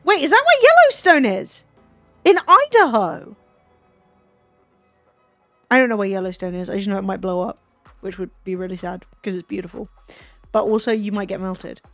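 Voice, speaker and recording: In a casual chat with a guest, a streamer from Britain speaks in an animated mid-range voice at normal speed, leaving long pauses. She's teasing and incredulous and swears freely, and the dry close-mic recording carries faint background music.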